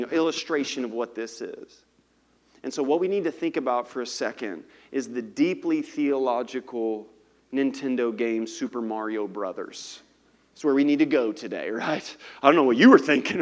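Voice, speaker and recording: A middle-aged man preaches with an animated, joking delivery and a fairly high voice. He acts out the characters in his story as he goes. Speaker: pastor. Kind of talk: sermon.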